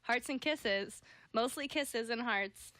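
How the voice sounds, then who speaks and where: A woman's voice: a little high, slow pace, pushed and bright, no room sound. A young woman co-hosting a college radio show, playful and rambling in casual banter. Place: radio studio.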